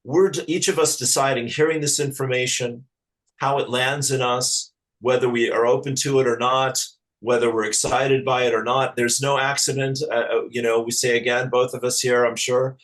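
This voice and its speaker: A man from Ireland, a spiritual teacher talking as an interview guest in a halting, earnest, affectionate way with many restarts. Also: mid-range voice, level tone, fairly bright tone, low-quality recording. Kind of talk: casual spiritual interview chat.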